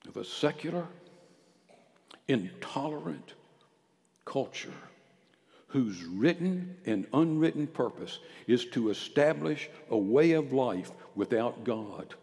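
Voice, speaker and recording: A male pastor preaching a sermon, swinging from loud, ringing declarations down to hushed near-whispers. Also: medium pitch, animated, slow, gravelly, in a large hall. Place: church sanctuary.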